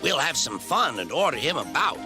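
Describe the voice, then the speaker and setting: A man's voice: fairly high pitch, sing-song, a little fast, voice pushed up. A man doing a scheming engine from a children's storybook show, mocking and sly. His voice rises and falls widely. Music plays behind. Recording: background music.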